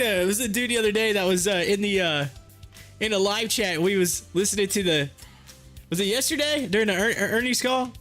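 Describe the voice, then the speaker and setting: A high-voiced man hosts a casual stock market livestream and tells stories in a loose, rambling way, often laughing. Faint music plays underneath his chat. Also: a bit bright. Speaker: stock market live streamer.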